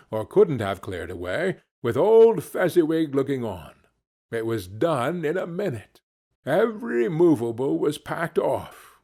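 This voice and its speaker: A male audiobook narrator with a medium-pitched voice reading at an unhurried pace. His delivery is lively and wide-ranging in pitch, deliberate and expressive. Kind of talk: scripted narration.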